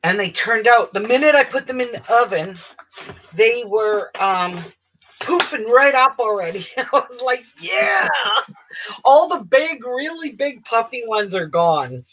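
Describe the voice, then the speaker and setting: The woman's voice is a little high and fairly bright, with lively intonation and a measured pace. She hosts a quilting channel and is chatting casually on a home live stream, wandering through her thoughts, restarting and letting sentences trail off. Faint noise sits under the dull lo-fi recording.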